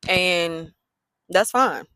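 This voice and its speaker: Woman, storytime vlog, bright tense voice, dry close sound. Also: fairly low pitch, extremely slow, smooth, dry recording, poor audio. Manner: animated, sassy, loose colloquial talk. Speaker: vlogger telling a story.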